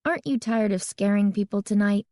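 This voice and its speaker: A woman's voice: medium pitch, darkish tone, no echo, studio quality, lightly acted. A woman voicing a chatty young girl who teases with a slightly sarcastic edge. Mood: teasing. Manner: brisk, a bit sarcastic.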